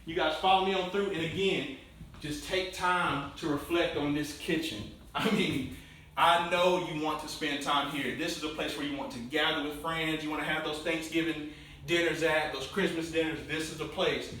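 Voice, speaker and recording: A man hosting a walkthrough home tour, pitching each room to viewers with salesman enthusiasm. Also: fairly even intonation, moderate pace, sharp tone, far from the mic, slight background noise. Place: inside a show home, bare rooms. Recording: very echoey room, voice from off the mic.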